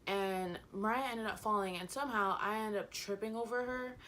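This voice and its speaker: Young woman vlogger, bright chatty voice, rambling and giggly, slight hiss behind. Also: mid-range voice, normal speed. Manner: rambling, giggly, full of fillers. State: a little out of breath. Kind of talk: casual storytime chat.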